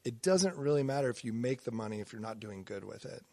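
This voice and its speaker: A man's voice: medium pitch, lively intonation, fast, vocal fry, a little mellow, dry recording. Guy from nebraska on a podcast, lots of ums and restarts, dry close sound, mid voice. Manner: reflective, many ums and restarts, quotes others in a raised voice. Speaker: podcast guest. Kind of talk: casual interview chat.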